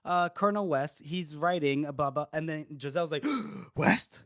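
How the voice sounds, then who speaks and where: A man's voice: on the high side, normal speed, no echo, studio quality. A man co-hosting a podcast, animatedly retelling a book scene with laughs and casual chat. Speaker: podcast co-host.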